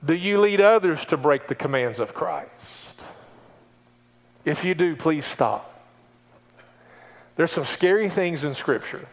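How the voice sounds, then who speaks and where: A male preacher delivering a sermon, swinging between quiet pleading questions and emphatic calls to obey, repeating key phrases. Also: fairly high pitch, animated, slow, long pauses. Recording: long reverb of a large hall.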